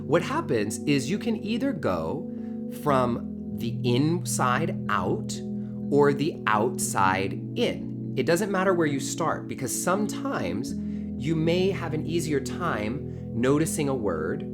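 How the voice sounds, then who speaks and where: A man's voice: a little high, big pitch swings, slow pace. A man leads a live teaching session, his voice swinging widely up and down as he acts out the small talk people use. He talks casually, calling his listeners y'all. Strong guitar music plays right behind him. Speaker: workshop leader.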